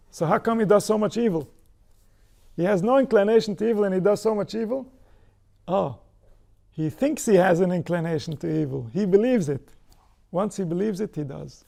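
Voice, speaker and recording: A man's voice: sits high, creaky, warm tone. A man giving a spiritual Torah lecture, posing rhetorical questions and answering them himself. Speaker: spiritual teacher.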